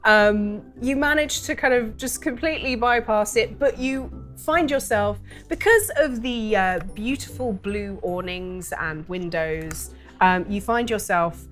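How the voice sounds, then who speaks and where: A woman's voice: mid-range voice, measured pace, a bit bright, faint music behind. A woman narrating a tabletop game as game master, chatty and giggly, with many hesitant fillers.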